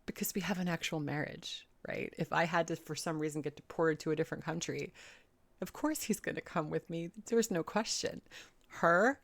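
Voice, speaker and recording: A woman's voice: deep voice, normal speed, gravelly, dry recording. A woman hosting a reaction video, giving blunt, exasperated commentary and swearing casually. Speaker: commentary host.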